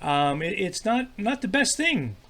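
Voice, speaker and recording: Man, kids' church lesson, higher voice, friendly, halting, lots of fillers. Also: very animated, fairly bright tone. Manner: friendly, halting, with many fillers and repeated words. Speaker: children's church teacher. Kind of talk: children's devotional lesson.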